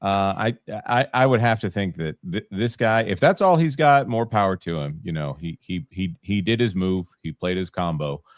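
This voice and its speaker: A man's voice: normal speed, few pauses, dry recording, clean studio sound. A man on a casual panel chat who talks in an easygoing way. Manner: easygoing, animated swings in pitch.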